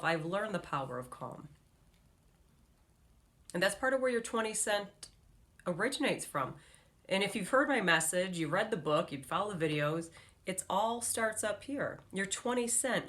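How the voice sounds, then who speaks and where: A middle-aged woman vlogs straight to the camera, giving her viewers an earnest, encouraging pep talk. Her voice sits fairly low but sounds bright, forceful and tense. She coaches steadily in a direct, upbeat way. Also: expressive, normal speed. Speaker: motivational speaker and vlog host. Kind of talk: direct-to-camera motivational vlog.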